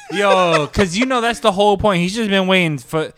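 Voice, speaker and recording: A man's voice: high-pitched, normal speed, background noise. A man co-hosting a podcast, chatting casually about a manga and tossing in joking side comments. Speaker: podcast co-host.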